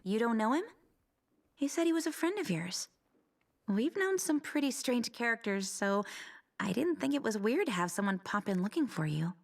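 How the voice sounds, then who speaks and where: A weary young adventurer pleads with her friend in a soft, hushed voice. Her tone stays gentle and affectionate, sometimes dropping almost to a whisper. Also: a little high, sing-song, moderate pace. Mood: tender.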